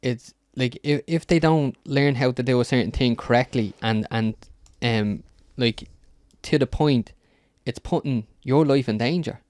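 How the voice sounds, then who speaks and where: A man's voice: mid-range voice, measured pace, few pauses, a little mellow, no echo. A man talking on a podcast, earnest and rambling, with many ums as he feels his way through a point. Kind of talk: casual podcast chat.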